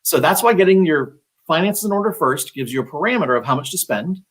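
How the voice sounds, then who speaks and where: A man's voice: a little high, lively intonation, fast talker, fairly bright tone. A man working as a real estate agent, giving casual advice on a live stream, talking conversationally with many fillers and restarts.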